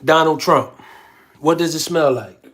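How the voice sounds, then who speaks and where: A man's voice: on the high side, unhurried, fairly bright tone, a little hiss or hum. A man hosting a casual livestream, reading viewer comments aloud in a slangy, laid-back way. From Philadelphia. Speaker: livestream host.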